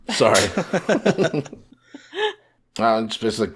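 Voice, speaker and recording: A man co-hosting a casual podcast, retelling story scenes and quickly paraphrasing the characters' lines. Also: lowish voice, very animated, husky. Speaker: podcast co-host.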